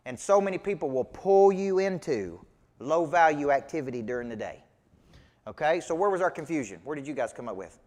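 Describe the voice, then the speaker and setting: This live motivational training talk features a Southern US man coaching on business, his fairly high voice brisk and darkish with lively intonation. A long reverb tail follows his words as he preaches emphatically and folksily, putting questions to the audience.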